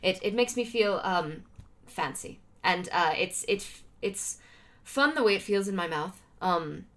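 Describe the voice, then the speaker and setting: Lively intonation and a measured pace mark this fairly low, fairly bright female voice. She's a young streamer from Utah, United States, chatting loosely to viewers, full of fillers and restarts, often laughing as she rambles.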